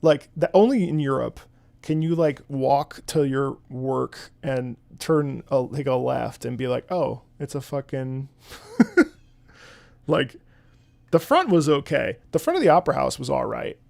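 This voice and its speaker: A man's voice: mid-range voice, expressive, measured pace, gravelly, a little mellow, no room sound. A man who streams and sings opera, telling a rambling story in casual chat with his audience, with lots of swearing and filler words.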